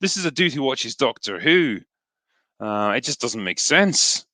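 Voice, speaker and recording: A man's voice: medium pitch, a little slow, no room sound. Sarcastic Scottish man on a headset. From Scotland. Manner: relaxed, filler-heavy, dry sarcastic humor. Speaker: host reading superchats. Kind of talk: casual livestream chat.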